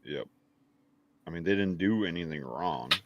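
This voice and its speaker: Low-voiced man, emphatic casual chat. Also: lively intonation, normal speed, dull audio, heavy background noise. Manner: emphatic, swears.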